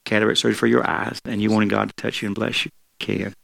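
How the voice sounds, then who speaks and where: A pastor, preaching a folksy sermon with call-and-response and leading a prayer. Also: male voice, fairly low pitch, little pitch movement, fast talker, vocal fry, a bit bright.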